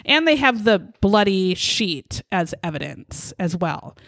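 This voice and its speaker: A woman hosting a casual storytelling podcast who talks in an animated, conversational way and swears often. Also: mid-range voice, a little slow, no room sound, studio quality. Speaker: podcast host. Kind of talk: casual true-crime storytelling.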